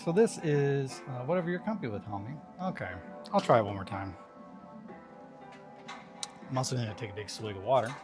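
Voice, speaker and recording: A man's voice: mid-range voice, lively intonation, brisk, long pauses, over music. A man streaming a casual hobby chat, rambling and chatty, swearing casually.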